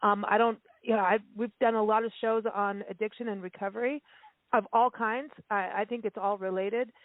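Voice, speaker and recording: Chatty radio co-host on a tinny line. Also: female voice, mid-range voice, fairly even intonation, moderate pace, dry recording. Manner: chatty, laughs often, rambling. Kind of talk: casual radio interview chat. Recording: tinny phone-line sound.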